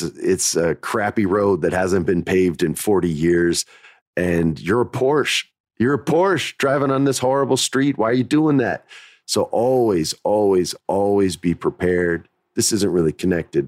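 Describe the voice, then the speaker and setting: Podcast host, male, low voice, dry close sound, candid and emphatic storyteller. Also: darkish tone, no room sound.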